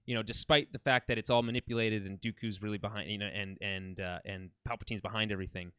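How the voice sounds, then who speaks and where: A man with a smooth, resonant voice rambles through an eager recap of a TV show on a podcast. He keeps backing up and rephrasing as he goes. The sound is dry and close. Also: on the low side, steady tone, quick pace, a bit bright, dry recording. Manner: rambling, enthusiastic, many restarts. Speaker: podcast co-host. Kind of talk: casual film and TV chat.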